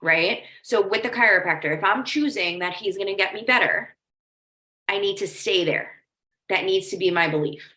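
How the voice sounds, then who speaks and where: Chatty bright-voiced woman coach, echoey room. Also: mid-range voice, moderate pace. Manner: chatty, lots of "like", storytelling asides. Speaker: life coach leading a training. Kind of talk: casual teaching talk.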